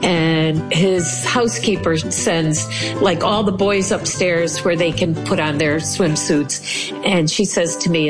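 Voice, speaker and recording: A woman telling a personal story in a lively way, acting out the voices of the people she quotes. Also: fairly low pitch, a little slow, music in the background. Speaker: storyteller recounting her experience.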